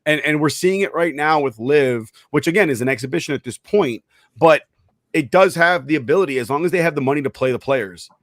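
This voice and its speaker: Profane, fairly high-voiced man in a dry room. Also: expressive, fairly quick, no echo. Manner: profane, storytelling, laughs often. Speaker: podcast co-host. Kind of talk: casual chat.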